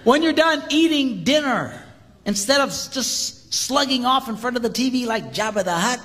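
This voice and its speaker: A man giving a comedic marriage seminar to a live audience, with punchy delivery and shouted sound effects, recorded in a large reverberant hall. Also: very high voice, expressive, normal speed. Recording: reverberant hall with background noise.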